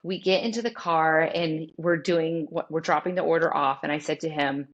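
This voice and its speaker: Low-voiced woman telling her story. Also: fairly even intonation, moderate pace, muffled recording. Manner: candid, rambling, often quotes herself. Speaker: guest, fitness trainer. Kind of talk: personal storytelling in an interview.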